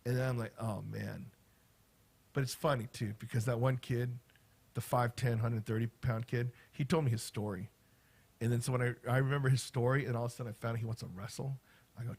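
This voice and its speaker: A middle-aged man, a teacher, chatting casually on a livestream in a rambling way, with lots of fillers and animated storytelling. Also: medium pitch, brisk, husky. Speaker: teacher and vlogger.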